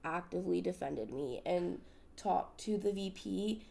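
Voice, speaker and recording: A woman from the United States hosts a podcast and tells a personal story candidly and emphatically, swearing freely in a casual chat. Her voice is on the low side, creaky and dark, with lively intonation and an unhurried pace.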